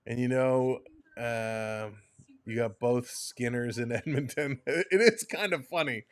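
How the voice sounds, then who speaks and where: A man in mid-range pitch hosts a live sports stream. He rambles easily between calling plays and talking to his viewers, and he stays casual and chatty throughout. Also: slow pace. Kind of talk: casual play-by-play and chat reading.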